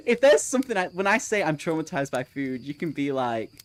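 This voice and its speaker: Lively, giggly book streamer chatting live. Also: mid-range voice, normal speed. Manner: laughs often, swears freely, answers chat messages. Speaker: book streamer hosting a reading sprint. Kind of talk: casual live-stream chat.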